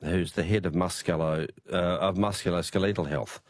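An Australian man with a croaky, hoarse voice, hosting a late-night radio show in a relaxed, chatty way. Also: sits low, moderate pace, no echo, studio quality. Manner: relaxed, chatty, frequent uh fillers. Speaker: radio host. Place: radio studio. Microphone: studio mic.

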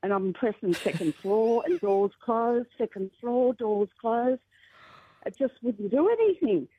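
An older woman phones in to a radio show. She tells her story in a lively way, often breaking into laughter. Her voice is a little husky and sits fairly high, and it comes through a tinny phone line in a dry sound. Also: measured pace, no room sound. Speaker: caller. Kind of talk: telling an anecdote on radio call-in.

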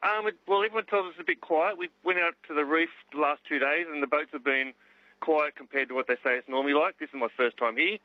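Fast-talking Aussie man on a muffled payphone line. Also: on the high side, dry recording. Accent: Australian. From Australia. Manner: easygoing, says mate constantly. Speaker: caller. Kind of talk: casual phone-in chat. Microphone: public payphone.

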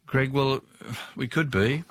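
A man's voice: medium pitch, slow pace, a bit bright, slightly rough, dry recording. A middle-aged Australian man hosting a casual talkback radio show, chatting, reading listener messages and adding asides. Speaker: radio host.

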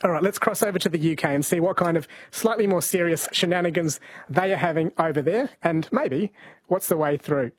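Husky Australian man hosting radio, dry studio sound. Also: fairly high pitch, fairly quick, dry recording. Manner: playful, joking banter. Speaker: radio host. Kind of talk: casual radio chat. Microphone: studio microphone.

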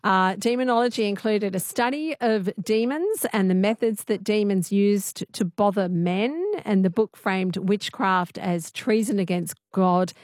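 A woman's voice: medium pitch, unhurried, hardly any pauses, a little mellow, no echo, clean studio sound. A woman hosting a late-night radio quiz, chatty and friendly, explaining the answers at length. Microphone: studio microphone.

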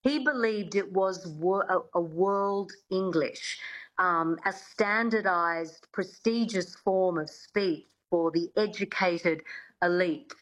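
A dialect coach answers questions as a guest on a radio interview. She is a woman with a fairly low voice. She explains things eagerly but hesitantly, with frequent fillers and restarts. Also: takes it slowly, fairly bright tone, low-quality recording.

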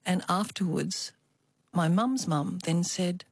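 An older woman reflects on her family's past at an unhurried pace, often pausing to find her words. Her voice sits low for a woman. The recording is close and dry, with no room sound. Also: no echo. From Australia. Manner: warm reminiscing with small hesitations. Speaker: interview guest. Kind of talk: reflective storytelling.

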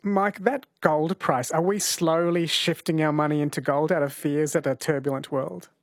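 A man's voice: a little high, steady tone, normal speed, dry recording, clean studio sound. A man hosting a radio show in a friendly, chatty way, laughing easily with his guest. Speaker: radio host. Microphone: studio microphone.

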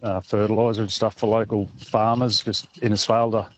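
A man's voice: lowish voice, little pitch movement, moderate pace, slight background noise, rough recording. A middle-aged Australian man, a truck driver, calling in to radio and telling a story in an easygoing way.

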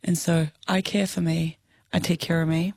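Candid Australian woman with a gravelly voice. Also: on the low side, little pitch movement, moderate pace, a little mellow. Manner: emotional, frank, laughs often, swears casually. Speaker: interview guest. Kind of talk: candid conversational interview.

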